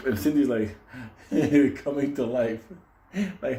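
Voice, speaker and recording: A man telling a wild story in a casual, animated way, swearing constantly and laughing as he goes. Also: medium pitch, takes it slowly, pauses often, slight background noise. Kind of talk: casual profane anecdote telling.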